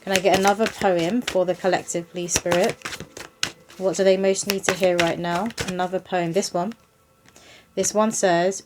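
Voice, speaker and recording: A woman gives a casual spoken tarot reading. Her voice sits a touch low, and her delivery is chatty and reassuring, aimed right at the listener. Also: little pitch movement, normal speed. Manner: chatty and reassuring, talks straight to the viewer. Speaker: psychic medium doing a tarot reading.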